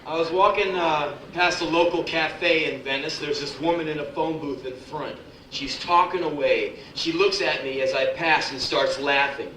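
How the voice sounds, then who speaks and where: A man delivers profane, sardonic spoken-word stories to a club audience, his voice forceful and bright. The live recording catches him from a distance, with the room echoing around him and faint crowd ambience behind. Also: fairly high pitch, normal speed, few pauses, slight background noise.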